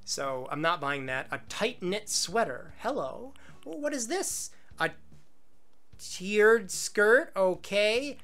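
Excitable man narrating his gameplay. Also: sits high, takes it slowly. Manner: excitable, jokey, talks to game characters. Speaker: gaming video host. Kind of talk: casual gameplay commentary. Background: faint game music.

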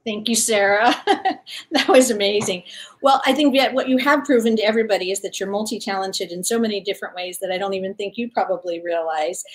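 A woman hosting a live author event who speaks in an effusive, praising way. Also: mid-range voice. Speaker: event host.

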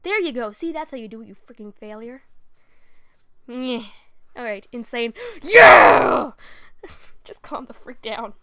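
A woman's voice: a little high, normal speed, long pauses, fairly bright tone. A young woman chatting casually from her bed as she records a voice audition, teasing herself as she goes. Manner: chatty, self-mocking. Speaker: amateur voice actor.

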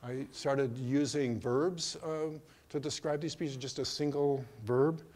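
An older man giving a slide lecture on his own work, speaking in a hesitant way with many pauses and restarts. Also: mid-range voice, steady tone, darkish tone. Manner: hesitant, full of ums and restarts. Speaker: artist giving a museum talk.

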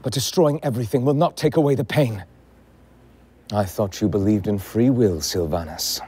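A man's voice: on the low side, moderate pace, dark tone, husky. A man voicing an earnest, principled young human king, reading game lines in a solemn, pleading way at a panel.

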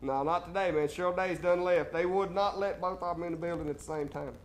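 A man's voice: high-pitched, steady tone, fast talker. A man hosting a call-in show, bantering with callers and laughing often.

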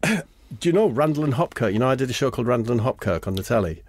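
A man hosting a comedy podcast, telling a rambling, boastful story in a deadpan way. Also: medium pitch, very fast, dry recording.

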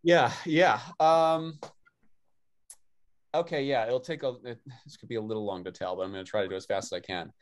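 A man hosting a casual video chat, telling quick animated anecdotes. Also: medium pitch. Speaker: host. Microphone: video call mic.

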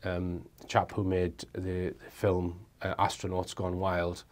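A deep-voiced man presents in a loose, informal way and sometimes repeats words as he goes. He sounds like a lecturer talking off the cuff. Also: completely flat delivery, measured pace, darkish tone.

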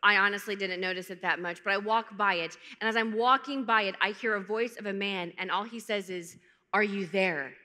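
Bright-voiced woman in a reverberant hall. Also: medium pitch, brisk, hardly any pauses. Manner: animated, humorous storytelling, acting out quotes. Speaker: conference speaker. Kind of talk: testimony talk to a large audience. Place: large conference hall.

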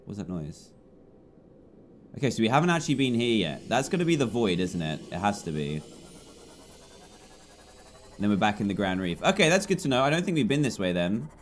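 English guy narrating his game, low voice that jumps all over, bit of faint hiss behind. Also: very animated, fairly quick, pauses often. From England. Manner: jumpy, chatty, swings between low mutters and loud yelps. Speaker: gaming YouTuber. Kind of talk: gameplay commentary.

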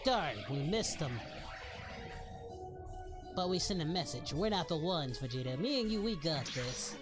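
A performer voicing Goku, an excitable young male martial-arts hero, cheering and shouting through in-character reaction commentary. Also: medium pitch, unhurried, natural voice. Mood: hyped. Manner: hyped, shouting, cheering at the screen. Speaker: reaction channel host. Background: music.

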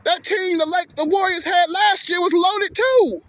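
A man's voice: very high-pitched, steady tone, measured pace, sharp tone. A man ranting heatedly about basketball, cursing often and tripping over repeated words. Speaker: vlogger. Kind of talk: profane sports rant.

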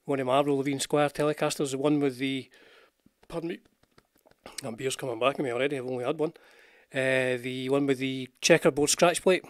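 A man's voice: medium pitch, fairly even intonation, brisk, dry recording. Rambling older Scottish man. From Scotland. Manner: rambling, chatty, self-deprecating, greets viewers in the chat. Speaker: guitar channel host. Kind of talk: casual live-stream chat. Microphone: wearing headphones with a desk mic.

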